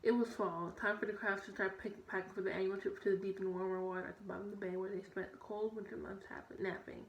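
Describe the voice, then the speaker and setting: A woman's voice: medium pitch, fairly even intonation, fast, few pauses, lo-fi sound. A young woman reads a children's story aloud, tripping over words and correcting herself as she goes. The room is echoey, with a faint noise behind her voice. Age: young adult. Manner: stumbling, self-correcting read. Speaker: student reader.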